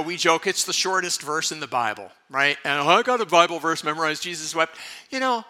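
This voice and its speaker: Bright-voiced pastor preaching a sermon. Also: male voice, high-pitched. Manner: conversational, shifts from playful to hushed and earnest. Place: church sanctuary.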